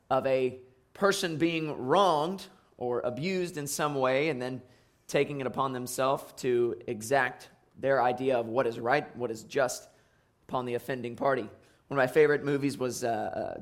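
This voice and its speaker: Conversational male pastor preaching. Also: medium pitch. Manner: conversational, with frequent fillers and restarts. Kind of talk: sermon.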